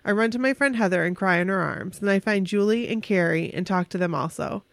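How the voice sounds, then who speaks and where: A woman casually telling an excited, emotional story on a podcast, with restarts and quick bursts. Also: medium pitch, creaky, dry recording.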